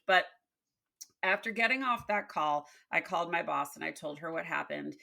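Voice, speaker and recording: Gravelly, bright-voiced woman coach. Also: fairly low pitch, moderate pace. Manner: expressive storyteller, acts out dialogue. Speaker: leadership coach and guest. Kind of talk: storytelling interview.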